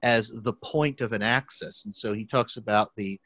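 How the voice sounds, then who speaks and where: A young male theology student with a fairly low voice chats at normal speed on a casual podcast, with no room sound. He rambles, restarts often, leans on fillers, and becomes animated when quoting people, all captured on a dry, slightly dull recording.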